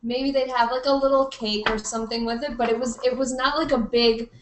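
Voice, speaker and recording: A young woman with a high voice explains things in a chatty, filler-heavy way. The sound is echoey, with faint noise behind it. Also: steady tone, fairly quick. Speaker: presenter of a topic. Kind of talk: casual explaining.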